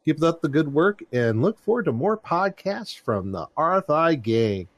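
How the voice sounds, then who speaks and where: A man's voice: fairly high pitch, very animated, moderate pace, no echo. Joking man reading listener reviews. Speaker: podcast host. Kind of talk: casual podcast chat.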